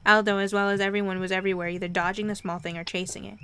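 A young woman reading a visual novel aloud and commenting as she plays, expressive and quick to react. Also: medium pitch, a little hiss or hum. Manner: expressive, reads narration and reacts with excited squeals. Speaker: let's play host.

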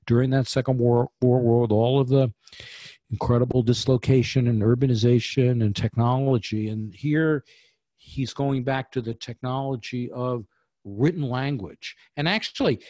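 A man from New York talking as a guest in a poetry discussion over a video call, thoughtful and halting, with many restarts. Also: mid-range voice, dark tone, no room sound. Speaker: guest poet.

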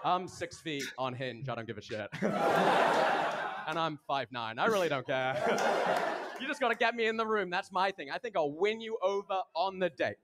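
A young man with an English accent does a deadpan stand-up set on a club stage. His voice sits fairly high for a man. Loud noise and clicks run under the recording. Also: moderate pace. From England. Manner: deadpan delivery, acts out both sides of dialogues. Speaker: stand-up comedian.

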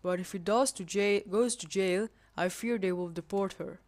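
A woman's voice: mid-range voice, normal speed, darkish tone, close to an everyday voice. A woman voicing a worried, cautious adult housemaid in a put-on Spanish accent, speaking careful, slightly broken English while reading a game aloud.

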